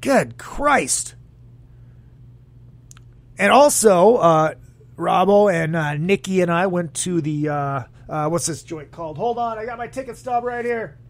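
A man's voice: high voice, measured pace, no room sound. A man hosting a casual solo podcast, rambling in a crude, jokey way and reading listener comments aloud. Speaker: podcast host.

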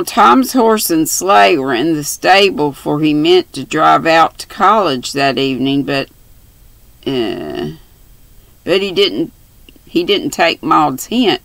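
Slow gravelly older woman reading aloud. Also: low-pitched, a bit bright, no echo, low-quality recording. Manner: unhurried, homespun, stumbles and rereads. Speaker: storybook reader. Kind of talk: reading a classic novel aloud.

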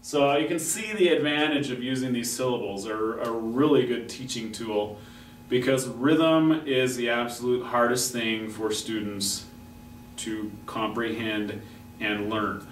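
A man's voice: medium pitch, fairly even intonation, measured pace. A man teaching a music class, patiently explaining and chanting rhythm syllables at a chalkboard. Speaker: music instructor. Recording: echoey classroom, distant mic, faint noise.

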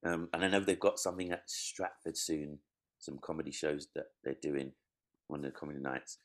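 Male comedian guest, extremely low voice, lively storyteller who acts out other people's lines. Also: brisk. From East London. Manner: animated storytelling, acts out quotes. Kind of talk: casual interview.

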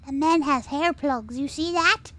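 A young adult woman streamer giving excitable, jokey let's-play commentary, easily scared and slipping into Spanish phrases. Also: high voice, a little slow.

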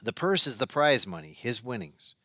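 A man voicing a careful, apologetic stockbroker who explains things in a measured way. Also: medium pitch, big pitch swings, sharp tone, no room sound, studio quality. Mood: explaining.

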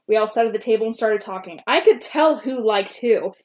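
A woman's voice: fairly high pitch, lively intonation, fairly quick. A woman co-hosting a podcast, casually reading her old fan fiction aloud and stopping to comment on her own writing. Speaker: podcast co-host.

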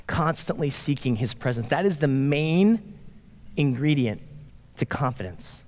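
A man in his forties, a pastor giving a casual, conversational sermon in an animated, playful way. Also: mid-range voice, unhurried, pauses often. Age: 40s. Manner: animated, playful, acts out quotes. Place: church sanctuary. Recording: long reverb of a large hall.

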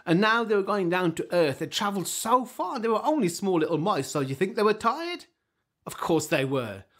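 A man telling a folk tale to children in a lively, animated way, inviting the audience to join in with voices and sounds. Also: high-pitched, normal speed. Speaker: storyteller. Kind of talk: interactive children's storytelling.

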